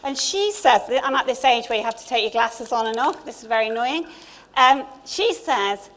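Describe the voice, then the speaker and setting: A woman's voice: fairly high pitch, animated, moderate pace, fairly bright tone. A middle-aged woman with an English accent giving a chatty, informal Easter sermon in a church, with light asides to the congregation. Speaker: church leader. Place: church hall.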